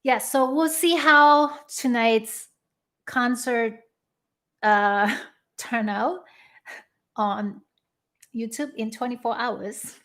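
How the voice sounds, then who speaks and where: A woman violinist speaking casually from her living room between pieces of a live-stream concert, unhurried and full of ums and uhs. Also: on the high side, a bit bright.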